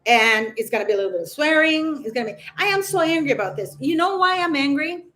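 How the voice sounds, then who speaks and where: Woman, livestream host, loose rambling chat, slightly raised pitch, leans on fillers. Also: expressive, quick pace, bright, forceful tone. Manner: rambling, chatty, lots of "you know".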